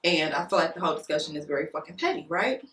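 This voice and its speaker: A woman's voice: low-pitched, expressive, rapid-fire, a bit bright. A woman vlogger telling a story while doing her makeup, venting in a heated, profane, emphatic way. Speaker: beauty vlogger. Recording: roomy room with faint music.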